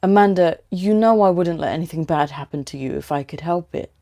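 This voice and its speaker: Gentle caring father, soft reassuring delivery, mellow low tone, read by a woman in her own voice. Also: fairly quick, creaky. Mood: pleading.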